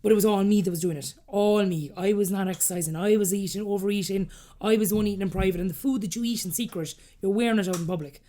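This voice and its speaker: A woman in her thirties with an Irish accent who talks very fast. She tells her story in a lively, candid way and slips into the voices of the people she quotes. Her voice sits in a middle range. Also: medium pitch. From Ireland. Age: 30s. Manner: rapid, animated, acts out quoted dialogue. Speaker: podcast guest.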